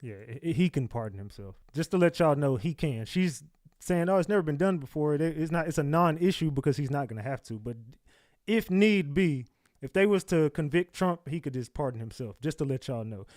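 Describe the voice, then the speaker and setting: Man, livestream host, casual talk to the chat, warm low tone, dry sound. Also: animated, moderate pace, no room sound. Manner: talks straight to viewers, asks for likes. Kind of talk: casual commentary to live chat.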